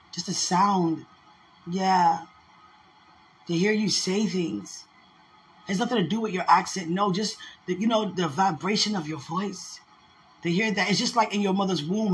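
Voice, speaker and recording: A woman's voice: fairly low pitch, slight background noise. A woman in an emotional casual talk to her partner, effusive and prayerful, repeating her words.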